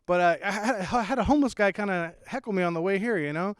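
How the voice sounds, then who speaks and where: A young man doing stand-up in a lively, playful way, his voice pitched high. The sound is close and dry, with no room around it. He jumps between his own telling and quick character voices. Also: clean tone, no echo. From small town south of the Bay Area, California. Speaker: stand-up comedian. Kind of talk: stand-up comedy set.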